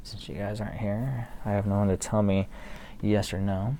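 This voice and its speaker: A man with a low, gravelly and mellow voice tells a rambling, swear-filled story in a loose, casual way, chuckling at his own tale. A faint hiss of room noise sits under him. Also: steady tone, moderate pace. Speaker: solo streamer or vlogger reading poems. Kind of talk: casual storytelling to an absent audience.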